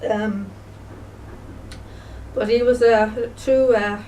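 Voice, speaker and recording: A woman video blogger speaking in a casual, halting way, full of fillers and restarts, and sounding emotional and grieving. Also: on the high side, fairly even intonation, mellow, distant mic, slight background noise, low-quality recording. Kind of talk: casual spoken remembrance.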